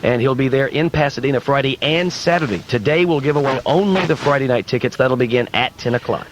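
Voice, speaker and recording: A man's voice: medium pitch, fast talker. Joking radio co-host, man. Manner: joking, announcing. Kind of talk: morning radio chat. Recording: radio broadcast with faint hiss.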